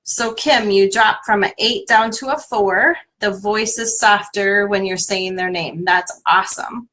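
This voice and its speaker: A woman's voice: mid-range voice, unhurried, pushed and bright. A woman leading a live tapping session as a coach, giving encouraging, step-by-step instructions to viewers. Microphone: livestream webcam.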